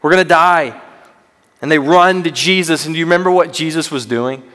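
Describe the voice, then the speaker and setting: A young male student minister preaches in an earnest, conversational way and pokes fun at himself. His voice sits fairly high for a man. The sound rings out with the long reverb of a large church sanctuary. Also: fast talker, fairly bright tone. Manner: earnest, conversational, self-deprecating humor. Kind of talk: sermon.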